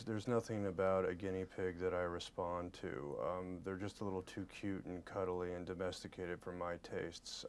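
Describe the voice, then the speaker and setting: A man in his forties giving a press interview as an actor, earnest and halting, often repeating his words. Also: sits low, a little hiss or hum.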